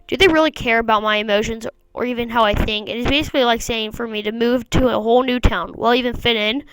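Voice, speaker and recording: A woman's voice: a little high, fairly even intonation, fast talker, background noise. A woman reading a visual novel aloud, mostly plain narration with the odd wry aside. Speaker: gamer.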